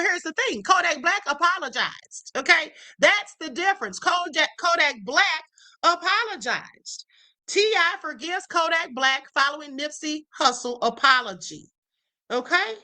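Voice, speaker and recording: A woman's voice: sits high, lively intonation, normal speed, bright, forceful tone, low-quality recording. A woman hosting a livestream, chatting in a sassy casual way about gossip and often tagging lines with "okay?" and "honey.". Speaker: livestream host. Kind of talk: casual commentary on celebrity gossip.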